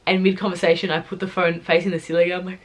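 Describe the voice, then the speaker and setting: A woman's voice: lowish voice, fast talker. Chatty young woman telling a story. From Australia. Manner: chatty, animated retelling with many "like" fillers. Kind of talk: casual storytime vlog.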